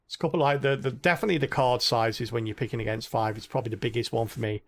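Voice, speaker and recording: Middle-aged guy chatting thru a game stream, kinda rambly, bit of gravel in his voice. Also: mid-range voice, fairly even intonation, rapid-fire. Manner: rambling, thinks aloud while playing. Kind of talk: live gameplay commentary.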